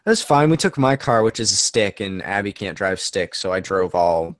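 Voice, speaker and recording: A man's voice: low-pitched, animated, moderate pace, no room sound. Young male co-host, storytelling, jokey, dry close mic. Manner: joking, tells stories animatedly. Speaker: podcast co-host. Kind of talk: casual chat.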